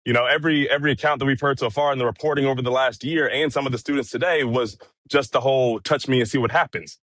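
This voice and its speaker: A man recounts a day of trial testimony in a calm, measured voice, padding his sentences with fillers. The sound is dry and close to the mic, with no room around it. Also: mid-range voice, no room sound. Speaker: courtroom correspondent. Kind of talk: casual commentary chat.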